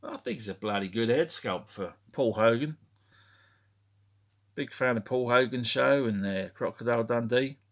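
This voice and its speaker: A man's voice: mid-range voice, expressive, moderate pace. Rambling man, casual vlog. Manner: rambling, chatty, swears casually. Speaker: toy collector vlogger. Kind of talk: casual show-and-tell vlog.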